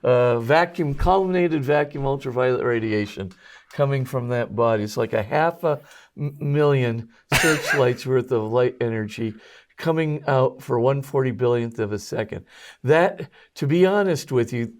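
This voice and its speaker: This interview guest, a Jesuit priest and scholar, speaks at medium pitch as he haltingly explains technical matters, filling gaps with ums and uhs. There's slight background noise.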